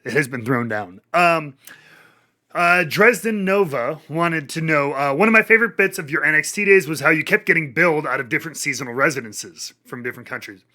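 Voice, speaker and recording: Bright-voiced male podcast host. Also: on the high side, animated, fairly quick. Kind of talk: casual interview, reading listener questions.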